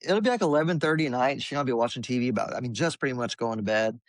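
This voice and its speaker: Fast-talking man telling stories. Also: mid-range voice, no echo. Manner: animated storyteller, mimics people's voices in quotes. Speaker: podcast guest. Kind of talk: casual storytelling.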